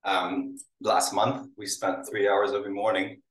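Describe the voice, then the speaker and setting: A man, originally from Hungary, giving an academic talk with halting delivery and many fillers, sometimes emotional. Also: lowish voice, level tone, a bit bright. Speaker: lecturer. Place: lecture room with audience. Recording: roomy sound, mic at a distance.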